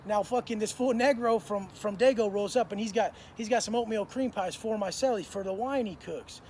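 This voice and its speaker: Here a man in his thirties casually recounts his time in prison for the camera, bluntly and with plenty of profanity and slang. His high-pitched voice moves fairly quickly and has a slightly mellow quality, with a bit of background noise.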